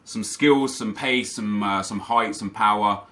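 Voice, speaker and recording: A man's voice: lowish voice, unhurried, pushed and bright. A young man commentating live over his own gameplay, ranting in frustration to his viewers. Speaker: gaming YouTuber.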